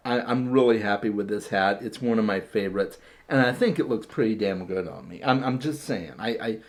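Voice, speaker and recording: A man chatting casually to camera as a vlogger, chatty and self-deprecating, often repeating words as he talks. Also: lowish voice. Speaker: vlogger showing his hat collection.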